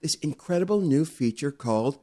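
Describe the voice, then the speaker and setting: A man's voice: a little high, lively intonation, brisk, warm tone. A middle-aged man co-hosting a podcast, effusive and campy, chatting and reading an ad. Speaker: podcast co-host. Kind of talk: casual chat and read ad.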